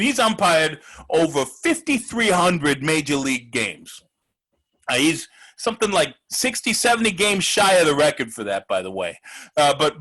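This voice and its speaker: An actor playing a brash, foul-mouthed male sports show host who rants loudly and mocks his targets in a comedic sports segment. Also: a little high, breathy edge, heavily acted. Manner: loud, ranting, profane, mocking.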